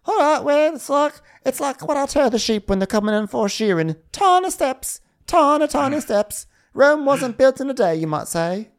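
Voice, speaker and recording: A preachy mother who farms sheep hands out folk wisdom in a high, sing-song voice, as a man puts her on. She sounds fed up and a little loud. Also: very animated, moderate pace, few pauses, exaggerated voice. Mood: folksy advice.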